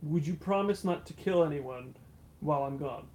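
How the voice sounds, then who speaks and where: A man's voice: fairly high pitch, moderate pace, darkish tone, close to an everyday voice. A man voicing a nervous male arena guard who pleads and frets for his family. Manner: pleading, anxious.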